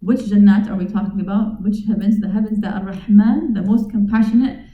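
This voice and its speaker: A woman giving an earnest, conversational religious reflection, chanting verses quickly and then translating them in plain speech. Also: mid-range voice, steady tone. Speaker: Islamic speaker. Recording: echoey room over tinny phone-like line.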